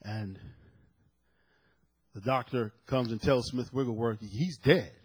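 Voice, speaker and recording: Husky-voiced preacher man, emphatic. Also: mid-range voice, steady tone, slow. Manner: emphatic, repeats key phrases for effect; dramatic storytelling with sudden loud peaks. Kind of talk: sermon.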